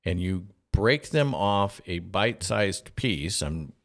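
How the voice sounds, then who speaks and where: A man's voice: low voice, slow, creaky. A man co-hosting a parenting podcast, chatting casually and retelling a sitcom scene, acting out the characters' lines. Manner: animated storyteller, acts out quoted lines with a raised voice. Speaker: podcast co-host.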